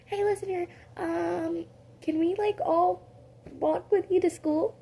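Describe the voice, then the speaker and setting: A woman's voice: very high voice, steady tone, slow pace, vocal fry, dark tone, slight background noise, voice pushed up, heavily acted. A woman voicing an eager teenage boy classmate who asks a question with fillers like "um" and "like.". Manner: hesitant, tacks on fillers mid-question.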